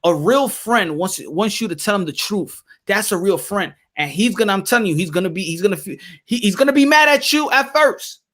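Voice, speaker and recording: A man hosting a boxing channel, lecturing in an emphatic, preachy monologue that repeats his points and sometimes shouts. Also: high voice, lively intonation, a little fast, hardly any pauses. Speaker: boxing commentator and channel host. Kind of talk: animated monologue skit.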